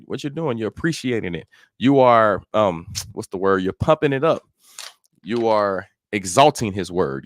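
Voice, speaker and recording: Laid-back low-voiced man teaching scripture. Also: no echo, studio quality. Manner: conversational, repeats "you know what I'm saying". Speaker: Bible teacher. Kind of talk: casual verse-by-verse Bible teaching. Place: church, dry sound.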